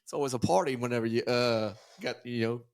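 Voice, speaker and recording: A man's voice: medium pitch, brisk. A man hosting a podcast in casual chat, laid-back and swearing, tossing in eager reactions. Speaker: podcast host. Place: podcast studio.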